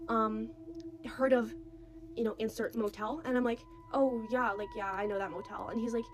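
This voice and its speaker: Young woman, casual storytime, slightly high-pitched, animated retelling. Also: moderate pace, slight background noise. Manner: animated, quotes others' voices, many "like"s.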